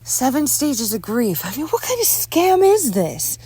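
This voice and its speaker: A woman voicing a suspicious, hot-tempered young woman who shouts and snaps in a narrated audio story. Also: medium pitch, very animated, unhurried, voice pushed up. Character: fierce, suspicious young woman, quick to yell.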